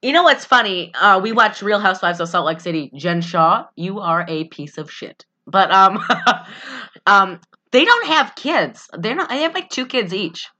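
A woman in casual chat, rambling and animated, often laughing as she talks. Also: medium pitch, unhurried, highs cut off. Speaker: podcast co-host.

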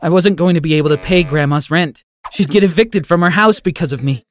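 A man narrating a scripted first-person story in an expressive, dramatic way. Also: on the high side, fairly quick, faint music behind.

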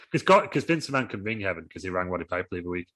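A man's voice: low voice, big pitch swings, rapid-fire, a bit bright. A man, podcast host, rambling through a comic story and laughing along the way. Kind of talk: comedic storytelling.

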